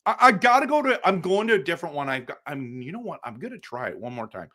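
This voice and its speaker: Animated, excitable male stream host. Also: fairly high pitch, quick pace. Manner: excitable, animated, exasperated outbursts. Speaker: livestream host. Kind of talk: casual live-stream chat with viewers.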